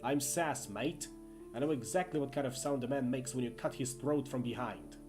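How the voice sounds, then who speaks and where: A man's voice: mid-range voice, normal speed, over music, lightly acted. A man voicing a cocky, menacing young male camp bully with a working-class Northern English accent, bragging and taunting.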